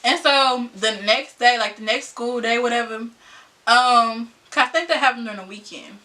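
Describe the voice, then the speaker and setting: High bright young woman vlogger. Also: normal speed, distant mic. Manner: animated, laughing often, slangy and conversational. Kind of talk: casual storytime.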